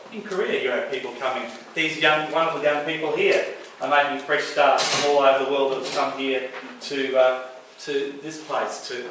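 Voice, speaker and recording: A man giving a public talk in an earnest, somewhat halting way, as a guest speaker. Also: medium pitch, pushed and bright, a little hiss or hum. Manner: earnest, halting lecture delivery. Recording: echoey hall, distant mic.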